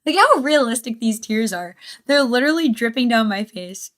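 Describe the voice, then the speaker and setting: A woman's voice: a little high, expressive, moderate pace, fairly bright tone. A woman livestreamer chatting casually and getting sidetracked while reacting to a video. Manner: chatty, easily sidetracked, giggly.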